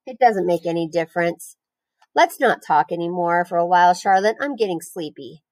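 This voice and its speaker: A woman's voice: on the low side, normal speed, a little mellow, dry recording, close to an everyday voice. A young, nervous pig as a woman puts him on while reading aloud, eager and pleading in his questions. His voice is lifted a bit above the reader's own, in a dry, close storybook recording. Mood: dreamy.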